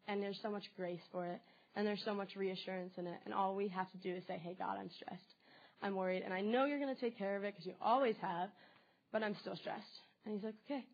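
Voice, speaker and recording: Woman preaching, earnest and chatty, says like a lot, slightly muffled lo-fi sound. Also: mid-range voice. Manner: earnest, conversational, with filler "like". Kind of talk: devotional sermon.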